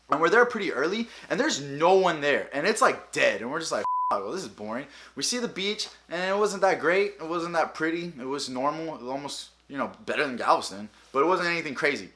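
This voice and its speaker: A young man vlogging, telling funny travel stories in a casual, animated way and acting out the people he quotes. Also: mid-range voice. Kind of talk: casual storytelling.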